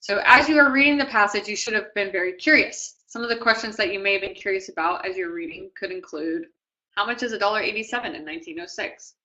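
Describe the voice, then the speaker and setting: A woman tutor giving a relaxed classroom lecture for test prep, often checking in with "okay?" and "right?". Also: mid-range voice, quick pace, highs cut off.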